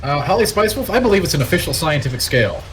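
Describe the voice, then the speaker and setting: A man's voice: on the high side, big pitch swings, very fast, a bit bright, slight background noise, rough recording. A man co-hosting a gaming stream, chatting casually and mock-dramatically while eating hot wings. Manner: playful, mock-dramatic, stammers on restarts.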